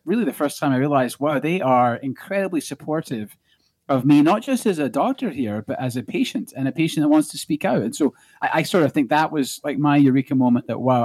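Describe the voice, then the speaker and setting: Chatty scottish doctor guest. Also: male voice, fairly high pitch, a little mellow, dry recording. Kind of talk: casual podcast chat.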